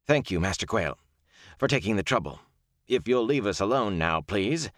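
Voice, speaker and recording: A man's voice: on the low side, expressive, moderate pace, fairly bright tone, no room sound, studio quality. A man voicing an exasperated, impatient young male lord in an audiobook.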